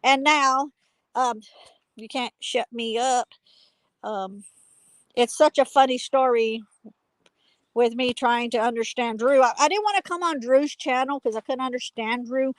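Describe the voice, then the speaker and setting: Loud, chatty high-voiced woman. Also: unhurried, pauses often, no room sound, low-quality recording. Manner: loud, chatty, rambling with fillers. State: hard of hearing. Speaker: channel host. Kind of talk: casual live phone stream. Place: outdoor backyard garden. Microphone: phone held while walking.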